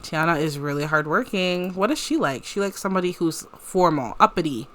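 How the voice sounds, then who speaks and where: A woman's voice: lowish voice, expressive, fairly quick, a bit bright. A woman giving casual, chatty let's-play commentary on a life-simulation game, giggling often. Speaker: gameplay creator.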